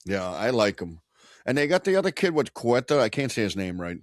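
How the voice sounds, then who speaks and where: A man's voice: medium pitch, very animated, a little fast, no room sound, studio quality. A man co-hosting a casual sports podcast, opinionated and swearing, with hype-man asides. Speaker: podcast co-host.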